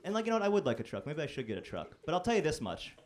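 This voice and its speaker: A young man performing a stand-up set in a comedy club, wry and self-deprecating, breaking into loud mock-singing and shouted impressions. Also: fairly high pitch, huge pitch swings, rapid-fire. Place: comedy club stage before a live audience.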